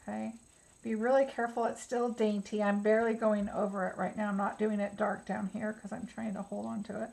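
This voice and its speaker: A woman's voice: medium pitch, little pitch movement, fairly quick, creaky, darkish tone, slight background noise, low-quality recording. A woman giving a casual step-by-step craft tutorial, chatty and instructive, thinking aloud as she works. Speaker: craft demonstrator.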